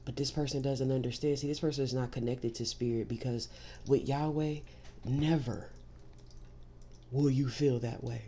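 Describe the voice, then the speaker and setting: Slight background noise accompanies this woman's mellow, rumbling low voice, steady in tone and moderate in pace. As a tarot reader doing a spiritual reading, she talks directly to the listener with emphatic reassurance, leaning on "see" to open and drive home her points.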